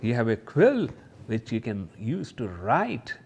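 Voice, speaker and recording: A man teaching a kindergarten lesson, talking gently and directly to young children and exclaiming over each picture. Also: medium pitch, huge pitch swings, slow pace, gravelly, breathy edge.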